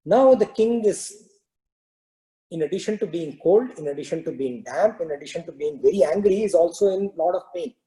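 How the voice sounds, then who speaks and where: A man's voice: a little high, lively intonation, a little fast, dark tone, low-quality recording. A man giving a spiritual teaching, explaining terms and telling a parable in a loose, filler-filled storytelling way. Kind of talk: scripture talk with a parable.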